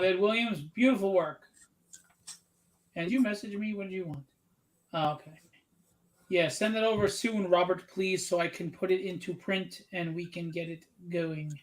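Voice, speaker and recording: A man co-hosting a casual live drawing stream, chatting and joking while plugging his book. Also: high voice.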